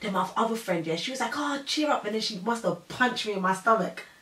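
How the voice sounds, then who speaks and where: A young woman telling her story in a casual chat, animated and acting out the voices of others with frequent laughs. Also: medium pitch, quick pace. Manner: animated, acts out quoted voices, laughs often. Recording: roomy sound from a distant mic.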